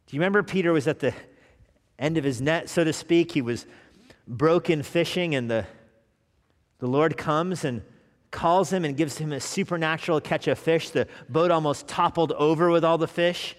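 Guy preaching a sunday sermon, kinda high voice, swings from loud to hushed, big echoey church. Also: normal speed. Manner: animated preaching, dropping to quiet asides. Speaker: pastor. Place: church sanctuary. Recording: long reverb of a church hall.

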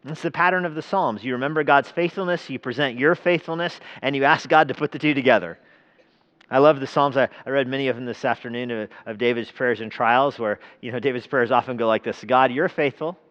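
Animated preacher man, lo-fi sound. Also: mid-range voice, brisk. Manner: animated, conversational preaching with chuckles. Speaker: pastor. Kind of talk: sermon. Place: church.

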